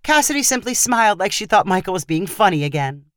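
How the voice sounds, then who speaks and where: A woman reading a story aloud as narrator in a steady storytelling manner. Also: mid-range voice, fast talker, no room sound, clean studio sound. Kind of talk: scripted narration.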